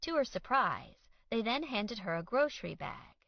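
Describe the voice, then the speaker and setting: A woman's voice: a little high, lively intonation, normal speed, no echo. Female audiobook narrator, dry and wry. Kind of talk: scripted narration. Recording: dry, slightly dull studio sound.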